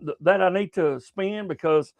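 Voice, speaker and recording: Older guy, high voice, dry close sound, cussing sports talk host. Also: normal speed, no room sound, phone-quality sound. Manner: profane, repetitive, stumbling restarts. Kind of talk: casual rambling sports talk.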